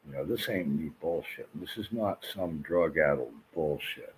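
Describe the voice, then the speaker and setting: Man, very low voice, agitated and rambling, swears a lot, faint hiss behind. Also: moderate pace, poor audio. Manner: restless, repeats himself, swears often. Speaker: vlogger. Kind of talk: rambling agitated monologue to camera.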